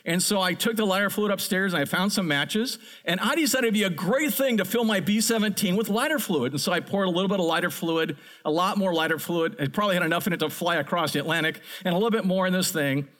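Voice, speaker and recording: Middle-aged male pastor, high voice, lively storyteller building to excited peaks. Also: fast talker, few pauses. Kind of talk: sermon with a personal story.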